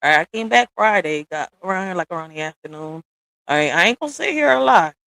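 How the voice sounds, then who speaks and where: A woman's voice: fairly low pitch, lively intonation, fast, gravelly, a bit bright, no room sound. A woman hosting a live stream at home in a casual, blunt rant. She talks straight to her viewers with profanity and slangy asides. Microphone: streaming software setup.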